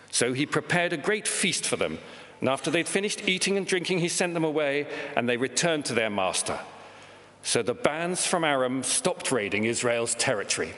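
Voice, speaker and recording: A man's voice: mid-range voice, animated, moderate pace, fairly bright tone, in a large hall. A man reading a Bible passage aloud and expressively in a large church. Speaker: scripture reader.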